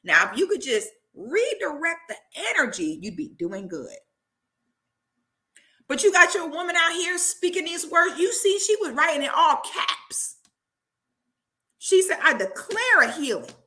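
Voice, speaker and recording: A woman's voice: very high-pitched, very animated, a little slow, long pauses, pushed and bright. A woman vlogger who talks emphatically and preachily, checking in with "okay?" as she makes her points. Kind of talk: commentary vlog.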